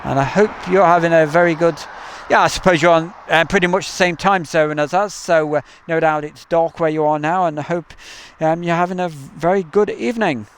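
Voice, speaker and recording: A chatty man with an East Midlands accent, rambling easily through a live outdoor stream at night. His voice sits a touch high, and faint outdoor sounds with passing vehicles hum behind him on a camcorder mic. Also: fairly quick. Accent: East Midlands English. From England. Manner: chatty, rambling, reads out viewer messages. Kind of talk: casual live commentary. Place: outdoors near an airport at night.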